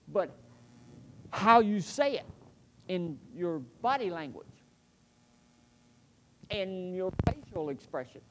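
A middle-aged man preaching a sermon in an earnest, emphatic way, slowing down to stress key points. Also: high-pitched, slight background noise. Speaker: pastor.

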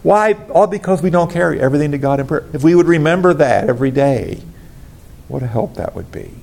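A man's voice: fairly high pitch, animated, quick pace, creaky, darkish tone, slight background noise. A man pastor preaching a sermon, earnest and preacherly, addressing the congregation directly.

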